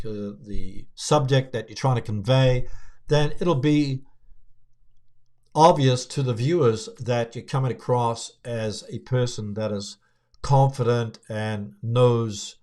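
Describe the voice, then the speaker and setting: A man's voice: medium pitch, darkish tone. Casual-talking man giving camera tips. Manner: conversational, frequent fillers and restarts. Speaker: video coach.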